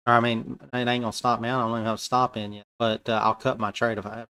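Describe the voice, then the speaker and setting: A man's voice: mid-range voice, little pitch movement, fast, sharp tone, clear, resonant tone. A man giving casual live commentary while day trading futures, thinking aloud in loose, colloquial speech.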